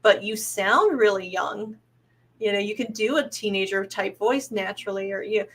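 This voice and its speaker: A woman casting director co-hosting a podcast, giving relaxed advice with easy fillers and laughs. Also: medium pitch, normal speed. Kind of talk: casual podcast chat.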